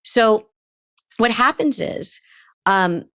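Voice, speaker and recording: A woman's voice: fairly high pitch, lively intonation, drawn-out words, sharp tone, no echo. Explaining female therapist, dry sound. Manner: explanatory, asks rhetorical questions. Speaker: therapist guest. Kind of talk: interview conversation.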